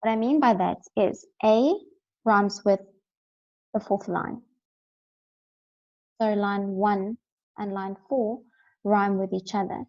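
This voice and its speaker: Woman teacher, patient explanations, mid-pitched voice, dull lo-fi sound. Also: steady tone, slow, long pauses. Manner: patient, explanatory, checks in with "right?". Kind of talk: recorded classroom lesson.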